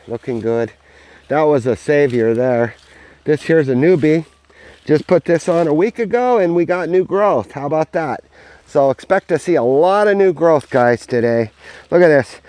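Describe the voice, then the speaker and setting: A man's voice: a little high, moderate pace, a little mellow, dry recording. A man walking his farm outdoors, rambling in an upbeat, sweary, casual vlog to a handheld camera. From United States. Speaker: vlogger, farm owner.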